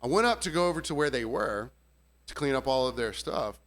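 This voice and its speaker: A bartender speaks briskly in a mid-range voice, telling a story as part of an easygoing podcast chat. He's lively and profane, and he imitates the way customers talk.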